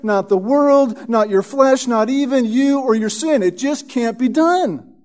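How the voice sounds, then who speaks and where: Male preacher, high voice, emphatic teaching sermon, checks in with "Right?", stumbles now and then. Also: a little mellow. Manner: emphatic, repeats "Right?" to the listeners. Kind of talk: expository sermon.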